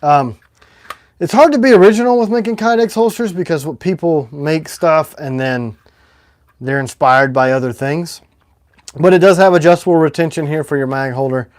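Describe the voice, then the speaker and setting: A man hosting a casual livestream, rambling and excitable, with sudden swings between loud and quiet. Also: on the high side, moderate pace, no room sound, studio quality. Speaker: knife maker hosting a livestream.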